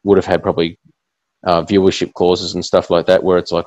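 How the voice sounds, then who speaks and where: A man's voice: low voice, little pitch movement, brisk, a little mellow, no echo, dull audio. A man hosting a casual podcast chat over a call, rambling with many restarts and fillers. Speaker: podcast host. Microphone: video call.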